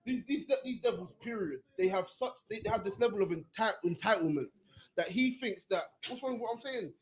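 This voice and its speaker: A man co-hosting a heated commentary, who agrees loudly and talks about devils like a preacher. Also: high-pitched, expressive, a little fast, poor audio. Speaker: co-host.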